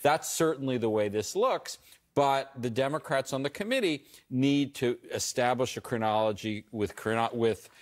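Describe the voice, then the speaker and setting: A man commenting on a television news panel, laying out his points one by one in a measured way. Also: mid-range voice, animated. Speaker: political commentator. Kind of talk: panel discussion.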